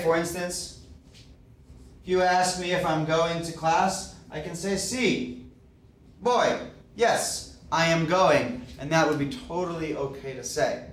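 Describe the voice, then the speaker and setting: A man's voice: on the high side, a bit bright. Roomy far-off male teacher. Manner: patient, explanatory, frequent "okay" and "uh". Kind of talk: classroom grammar lecture. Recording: roomy, distant mic, faint background hiss.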